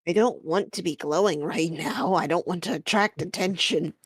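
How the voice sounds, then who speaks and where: Low, husky, expressive woman. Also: moderate pace, no room sound. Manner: expressive, wry, swears casually. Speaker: tabletop game player. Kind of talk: casual tabletop play.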